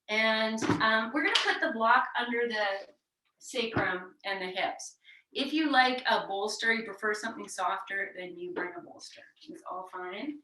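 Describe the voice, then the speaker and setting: A woman teaching a yoga class, giving gentle, encouraging breathing cues and demonstrating breath of fire out loud. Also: a little high. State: sweating from exertion. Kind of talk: guided yoga class instruction. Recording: roomy echo, voice heard from a distance.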